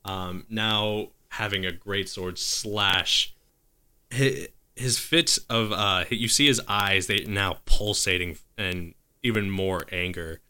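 A man's voice: fairly low pitch, slow pace, sharp tone, clear, resonant tone. A man narrating as game master of a tabletop game, improvising the action and stopping to correct himself.

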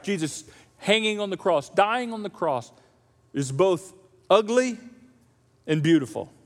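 A man preaching a sermon as pastor, animated and acting out the voices of the crowd. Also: high voice. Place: church auditorium. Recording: reverberant church hall.

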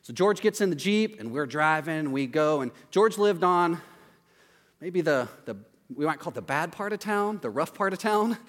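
High-voiced man telling a funny story. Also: normal speed. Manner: animated, acts out quoted voices. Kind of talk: comedic anecdote. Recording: long hall reverb.

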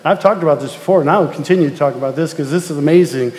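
A middle-aged pastor preaches in a church, his fairly high voice carrying a long hall reverb. He tells stories and then presses his point with emphatic repetition. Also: rapid-fire, a little mellow. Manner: storytelling, repeats words, builds to emphatic rising exhortation. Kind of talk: sermon. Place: church sanctuary.

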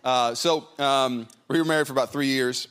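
A man's voice: mid-range voice, steady tone, normal speed, a bit bright, clear, resonant tone. A man in his thirties preaching a sermon to a congregation in a church, chatty and anecdotal, with many fillers and restarts. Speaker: pastor. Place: church hall before a congregation.

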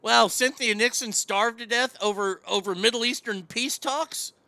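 A man's voice: very high-pitched, normal speed, creaky, sharp tone, no room sound. A man hosting a radio talk show, telling crude comic stories with acted voices in a brash, riffing way from a studio mic.

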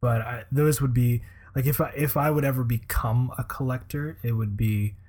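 A man's voice: mid-range voice, steady tone, moderate pace, a little mellow. Hesitant, laughing young man chatting. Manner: hesitant, laughs often, many "uh"s. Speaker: podcast co-host. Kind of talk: casual chat.

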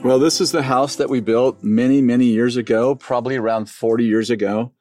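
A man's voice: fairly quick, soft background music. A man in his sixties, a business owner, telling a family story in casual conversation and acting out the voices of others. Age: 60s. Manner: animated storyteller, acts out voices in a high pitch.

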